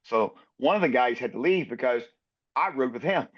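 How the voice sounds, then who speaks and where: A man's voice: medium pitch, animated, normal speed, highs cut off. A man in his sixties, a basketball referee, telling anecdotes in a podcast interview and acting out other people's lines.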